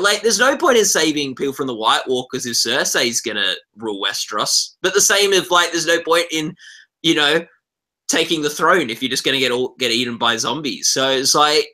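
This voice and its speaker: Male recap panelist, bright forceful tone, animated, chatty with frequent restarts. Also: medium pitch. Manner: animated, retells scenes with lots of "like" and quick restarts. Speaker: entertainment writer on a recap panel. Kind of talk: casual panel discussion.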